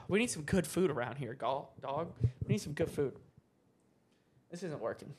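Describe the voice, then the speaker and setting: A man's voice: fairly high pitch, animated, unhurried, noisy background. A man hosting a podcast in casual chat, telling stories in a jokey, teasing way with plenty of slang. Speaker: podcast host.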